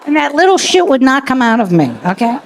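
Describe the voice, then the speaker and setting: A woman's voice: high-pitched, sing-song, fairly quick, slight background noise. A woman doing profane stand-up comedy with crowd work on a comedy club stage. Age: 60s. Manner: brash, profane storytelling. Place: comedy club stage before a live audience.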